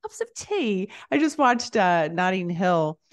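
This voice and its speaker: A woman's voice: mid-range voice, sing-song, measured pace. A woman hosting an interview show, talking in a chatty, playful way and laughing often. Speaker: podcast host. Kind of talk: casual interview chat.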